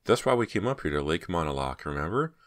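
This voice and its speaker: A man's voice: sits low, very animated, fast talker, dry recording. Man doing a cheerful middle-aged mom, distracted, breezy, dry close sound.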